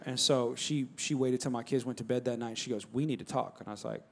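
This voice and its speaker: A pastor preaches a sermon in a chatty yet emphatic style, repeating phrases and calling out to his congregation. His voice is medium-pitched and creaky, with a steady tone and a quick pace.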